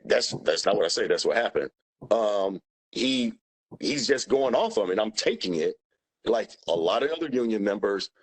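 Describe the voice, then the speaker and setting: Low-voiced man giving plain testimony. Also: rough recording. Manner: plain-spoken, emphatic repetition. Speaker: witness, former union president. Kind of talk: testimony under questioning.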